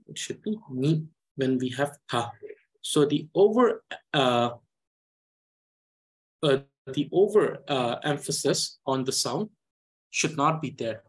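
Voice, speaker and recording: A man with a Tibetan accent teaching a reading lesson, explaining pronunciation patiently and repeating syllables for students to follow. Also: a little high.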